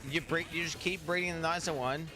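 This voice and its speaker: A man's voice: a little high, a little fast, background noise. A young man streaming, chatting casually and rambling with lots of swearing as he reacts to videos. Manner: profane, rambling, animated. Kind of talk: casual chat.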